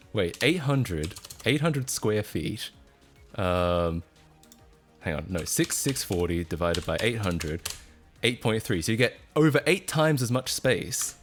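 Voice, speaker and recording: Male streamer, lowish voice, loose chatty commentary full of laughs and disbelief; soft music underneath. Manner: chatty, laughs often, incredulous outbursts. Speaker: livestreamer. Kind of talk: casual livestream commentary.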